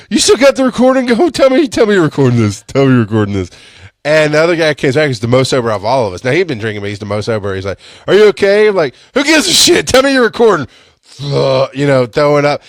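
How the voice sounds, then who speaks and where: Man, podcast host, casual storytelling, animated, loud high outbursts, swears, laughs, dry close sound. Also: no room sound. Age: adult with a young son. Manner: swears freely, laughs while telling.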